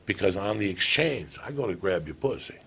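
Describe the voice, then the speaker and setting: A man in his fifties from a Cuban family, telling profane, animated stories as a podcast guest. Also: low-pitched, fairly quick, creaky, slight background noise. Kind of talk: casual storytelling.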